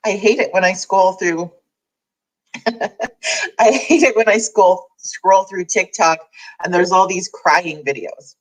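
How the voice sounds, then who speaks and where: A woman's voice: lowish voice, big pitch swings, a little slow, low-quality recording. A woman hosting a daily online community chat, talking candidly and rambling, with frequent laughs. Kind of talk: casual heartfelt livestream chat.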